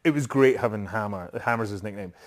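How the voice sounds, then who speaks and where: A man's voice: lowish voice, fast. A man from Scotland with a Scottish accent, chatting as an actor guest on a podcast, laughing easily and poking fun at himself. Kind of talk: casual podcast interview.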